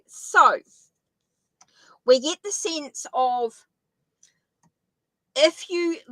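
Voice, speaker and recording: A woman's voice: medium pitch, no room sound, poor audio. A woman with a New Zealand accent giving a live-stream tarot reading, thinking aloud and correcting herself as she goes. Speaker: tarot reader.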